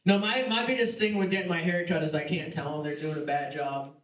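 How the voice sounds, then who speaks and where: A brash young man with a high voice works through a stand-up set, mocking himself and swearing freely. He is picked up from a distance in an echoing theater hall. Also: fairly even intonation, a little fast, fairly bright tone, a little hiss or hum. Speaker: stand-up comedian. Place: theater stage before a live audience. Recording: echoey hall, mic heard from afar.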